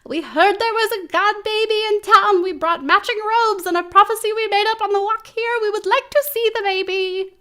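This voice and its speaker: A woman's voice: very high voice, normal speed, bright, forceful tone, voice pushed up. A woman voicing an earnest, bumbling cult spokesperson who delivers a made-up speech with forced solemnity. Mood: solemn, awkward.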